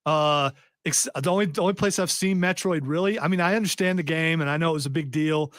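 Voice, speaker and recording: Slightly high-voiced male podcast host. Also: a bit bright, dry recording, studio quality. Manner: brisk, moderating, joking. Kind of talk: casual panel chat.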